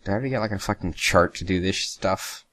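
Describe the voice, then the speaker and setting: A man's voice: deep voice, brisk, fairly bright tone, dry recording, clean studio sound. A young man giving casual, sarcastic reaction commentary, swearing freely and stumbling as he reads lines aloud. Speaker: reaction video host.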